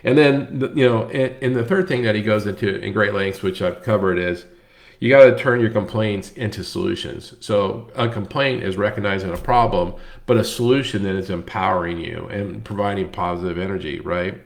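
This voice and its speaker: Male host, low-pitched, casual book-club chat, conversational. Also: normal speed, vocal fry. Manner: conversational, frequent fillers and restarts.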